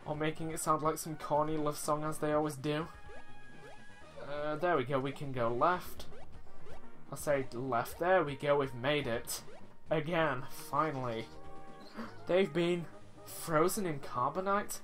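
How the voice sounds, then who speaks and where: A man's voice: fairly high pitch, fairly even intonation, measured pace, a bit bright. A man casually commenting as he plays a video game, chatty and self-mocking, reading the game text aloud. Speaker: let's play host. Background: faint game music.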